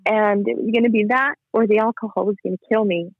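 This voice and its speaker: A man's voice: high voice, steady tone, no room sound. Man on a tinny phone line. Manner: earnest, halting, emotional. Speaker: guest. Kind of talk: personal testimony.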